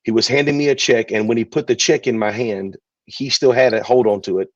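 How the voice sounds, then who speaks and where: A man, a pastor telling his story in an interview, relaxed and chatty. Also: medium pitch, fairly quick, dry recording. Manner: relaxed, chatty, many fillers. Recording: dull, dry recording.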